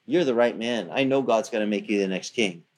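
A man's voice: lowish voice, fairly quick, voice pushed down, close to an everyday voice. A man voicing a young prince happily cheering on his best friend. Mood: eager.

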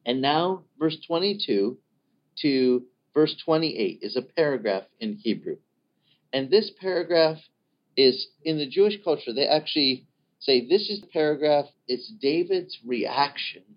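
A man preaching a sermon in an animated way, acting out the voices of the people he quotes. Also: fairly high pitch, a little slow. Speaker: pastor. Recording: dull lo-fi recording.

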